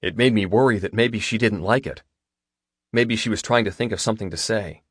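A man narrating a first-person romance novel in a steady, intimate storytelling manner. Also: fairly low pitch, fairly quick, husky, no room sound, studio quality. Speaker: audiobook narrator.

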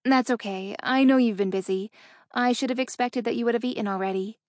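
A woman voicing a soft, hurt young fiancée. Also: on the high side, fairly quick, no echo, clean studio sound, natural voice. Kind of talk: audiobook character reading.

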